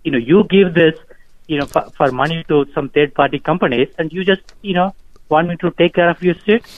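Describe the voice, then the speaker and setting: An older man with a slightly high voice argues back on the phone as a business owner. He sounds defensive and indignant and keeps circling back with "you know" and "man." His protests come in short, repeated bursts. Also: brisk, narrow, tinny audio. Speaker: business owner being pranked.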